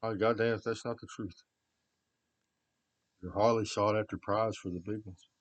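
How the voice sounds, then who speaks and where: A man with a low-pitched voice rambles in unscripted talk. His delivery swings between quiet muttering and loud, repeated shouting. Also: steady tone, normal speed, rough recording.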